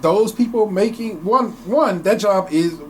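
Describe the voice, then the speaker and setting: A man's voice: high voice, measured pace, darkish tone, slight background noise. A man co-hosting a casual podcast, ranting with heavy swearing and many restarts in a home basement studio. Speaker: podcast co-host. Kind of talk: casual chat.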